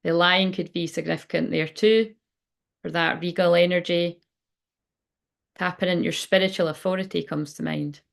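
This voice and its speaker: A woman's voice: lowish voice, steady tone, moderate pace, vocal fry. A middle-aged woman giving a casual tarot reading, rambling and frank, swearing freely. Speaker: tarot reader. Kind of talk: casual spiritual reading chat.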